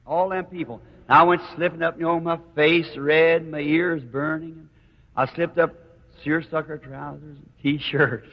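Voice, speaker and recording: A male preacher with a high voice tells his story in a folksy, animated sermon. It comes from an old, dull archive tape. A long reverb rings from the hall around him. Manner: folksy, animated, quick laughs.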